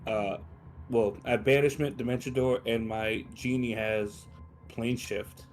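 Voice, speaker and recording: A man's voice: medium pitch, fairly even intonation, a little slow, a little mellow, slight background noise. Guy at the table asking stuff, going through his spells one by one, normal mid voice, typing behind. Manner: inquisitive, lists options methodically. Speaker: player. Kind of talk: casual tabletop chat.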